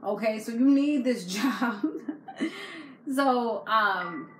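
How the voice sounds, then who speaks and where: A woman's voice: a little high, extremely slow, fairly bright tone. A woman vlogger recapping a reality TV episode in a chatty, slangy way, laughing often. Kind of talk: casual chat. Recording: echoey room with faint background noise.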